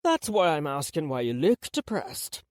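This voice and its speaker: A man voicing a sharp-tongued, wry and bossy old grandmother in an audiobook. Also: a little high, wildly swooping pitch, normal speed, dry recording, studio quality. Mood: teasing.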